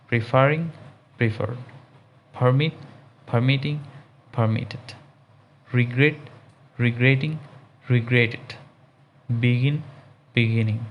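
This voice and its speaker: A man teaching English grammar in a slow, deliberate lesson, reading out word lists one by one. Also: medium pitch. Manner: reads word lists in a measured, deliberate cadence.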